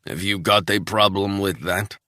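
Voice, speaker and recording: A man voicing a gruff, menacing Russian military handler with a chain smoker's Russian accent, giving cold orders. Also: deep voice, steady tone, moderate pace, bright, forceful tone, no echo, clean studio sound.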